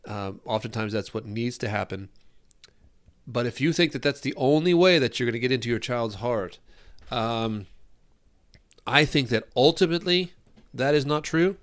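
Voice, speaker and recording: A podcast host with a mid-range voice gives an earnest, rambling solo talk on parenting. He speaks at a moderate pace, pausing often and frequently repeating phrases as he searches for words.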